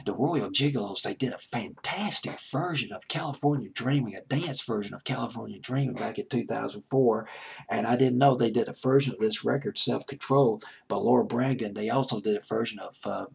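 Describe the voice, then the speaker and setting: Middle-aged man, gravelly and husky, rambling casual countdown host. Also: mid-range voice, fairly quick. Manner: rambling, self-correcting, chuckling. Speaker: music video host.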